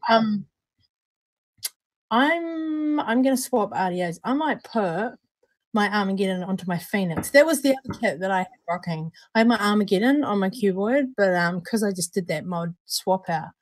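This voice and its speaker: A woman's voice: mid-range voice, lively intonation, normal speed, no echo. Bubbly New woman hosting a stream. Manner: chatty, bubbly, laughs often. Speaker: host of a live vape juice review stream. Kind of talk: casual live-stream chat. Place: at home, indoors at night.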